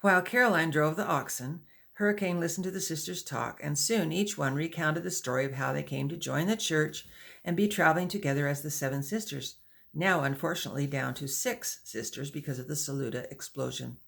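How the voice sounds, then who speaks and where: Woman narrating an audiobook, slightly gravelly. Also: deep voice, a little fast, a bit bright.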